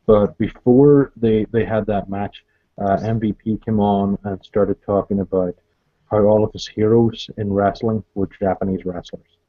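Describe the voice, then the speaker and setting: A man co-hosting a podcast, talking calmly and hesitantly in casual chat with many fillers. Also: fairly low pitch, moderate pace, no echo, narrow, tinny audio. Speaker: podcast co-host.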